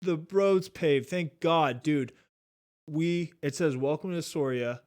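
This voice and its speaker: Young guy telling a wild story, lots of cursing, slightly high voice. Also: slow pace, clear, resonant tone. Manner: animated, swears a lot, acts out quotes. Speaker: podcast guest. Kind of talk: casual storytelling.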